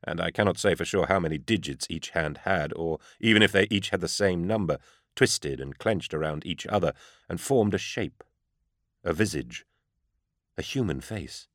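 A man reading a first-person story aloud in a grave, measured storytelling manner. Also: low-pitched, fairly bright tone, dry recording, clean studio sound. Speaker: audiobook narrator. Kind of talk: first-person scripted narration.

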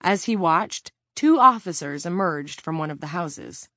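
A woman reading a novel aloud in steady, measured storytelling narration. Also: on the low side, no echo, clean studio sound. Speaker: audiobook narrator. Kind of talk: scripted narration.

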